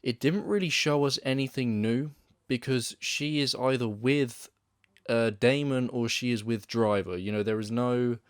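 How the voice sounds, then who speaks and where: A man's voice: mid-range voice, a little slow, clear, resonant tone, no room sound, studio quality. A young man giving a casual film review, rambling and hesitant with lots of restarts and fillers.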